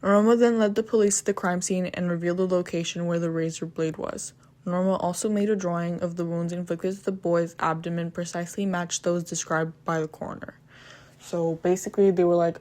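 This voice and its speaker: A woman with a slightly low voice narrates a true crime case in a loose, casual way. She stumbles over words and restarts often. She cuts in with swearing, blunt asides of her own. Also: fairly even intonation, fairly quick, darkish tone. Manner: blunt, profane asides between retelling facts; hesitant, with frequent restarts and "um".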